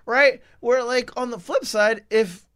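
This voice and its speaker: High-voiced man teasing in casual chat. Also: measured pace, fairly bright tone, clear, resonant tone. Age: 30s. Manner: laughing, teasing, profane.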